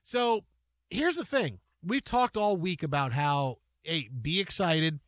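A man hosting a casual sports talk show, animated, with mock-dramatic outbursts. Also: on the high side, slow pace, no room sound.

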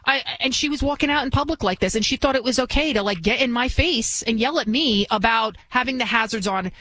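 A woman's voice: fairly high pitch, a little fast, sharp tone, poor audio. A woman in her forties, hosting a radio talk show with an indignant, ranting monologue. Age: 40s.

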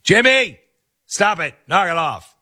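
A man's voice: high voice, very animated, slow, pushed and bright, no echo, studio quality, voice pushed up, heavily acted. A man voicing an exasperated mother who scolds her son's friend. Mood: scolding.

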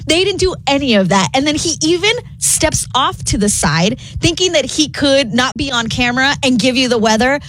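Female co-host recounting a story, lively and a bit high, faint noise behind. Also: moderate pace, hardly any pauses, low-quality recording. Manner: animated storytelling, laughing along. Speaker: radio co-host. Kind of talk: casual radio banter.

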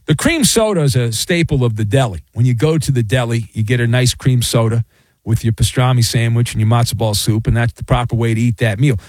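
A man's voice: on the high side, no echo. A middle-aged man hosting a late-night sports talk radio show, rambling and joking with self-mocking asides. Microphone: studio microphone.

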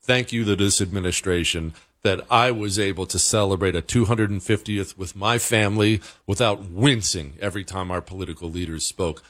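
A man hosts a casual commentary show, talking emphatically to his listeners. His voice is fairly low, and his pitch leaps up when he gets excited. The mic is close and dry. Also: moderate pace, hardly any pauses, no room sound.

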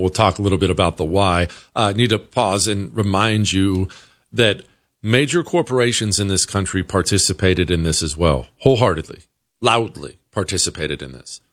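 Male host, political commentary, blunt, sarcastic, lowish voice, dry close sound. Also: fairly bright tone, no echo. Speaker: talk show host.

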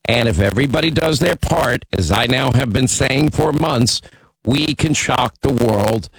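A man's voice: mid-range voice, measured pace, gravelly, breathy edge, no room sound, poor audio. A man hosting a talk radio show, taking calls and chatting in an opinionated, teasing way.

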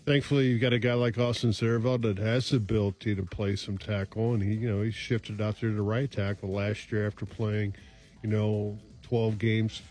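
A man's voice: fairly low pitch, level tone, moderate pace, darkish tone. A man talking football as a radio analyst, rambling and full of fillers. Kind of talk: sports talk radio analysis.

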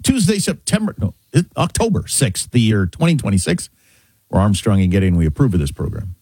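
A man's voice: lowish voice, brisk, breathy edge, no room sound, studio quality. A man co-hosting a talk radio show, chatting wryly. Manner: animated, chatty, wry. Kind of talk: casual talk radio banter.

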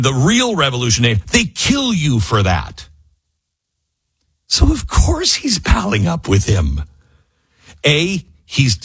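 A man's voice: medium pitch, husky, no echo. A male radio talk show host, emphatic and opinionated, with a dry close studio sound. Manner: emphatic, animated, mocks others in put-on quotes.

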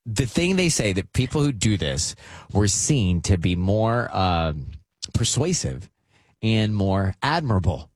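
A man's voice: lowish voice, no room sound. A man hosting a morning radio show, chatting casually and getting amped up as he talks. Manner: animated, quick to get amped up.

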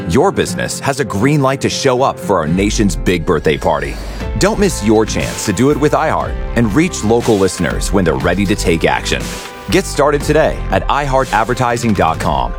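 A low-voiced man reads a persuasive ad with a lively rise and fall. Guitar music plays clearly behind him. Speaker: ad announcer. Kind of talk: scripted ad read.

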